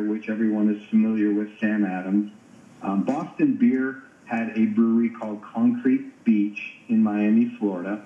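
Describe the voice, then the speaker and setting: A man's voice: mid-range voice, roomy sound. Man calling in over a dull phone line. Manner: explanatory, repeats words while thinking. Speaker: beer news contributor. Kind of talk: casual radio chat.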